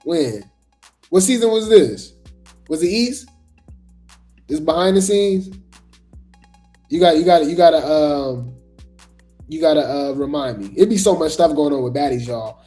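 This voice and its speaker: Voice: mid-range voice, lively intonation, a little slow, long pauses, warm tone, faint music behind. A host giving casual commentary, rambling with lots of fillers, repeated words and chatty asides to viewers.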